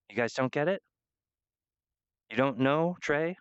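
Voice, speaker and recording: A man's voice: medium pitch, expressive, a little slow, pauses often, fairly bright tone, clean tone, no echo, dull audio. A man giving a meandering spiritual monologue, full of fillers and restarts.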